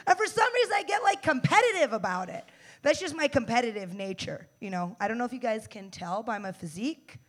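A woman's voice: fairly high pitch, very animated, fairly quick. Brash young woman doing stand-up. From United States. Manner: brash, profane, loud bursts and mock-tough asides. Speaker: stand-up comedian. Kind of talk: stand-up comedy set.

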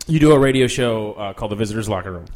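A man's voice: lowish voice, animated, very fast, a little mellow. A man interviewing a comedian after his set, teasing him in loose, casual banter. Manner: teasing, loose, friendly ribbing.

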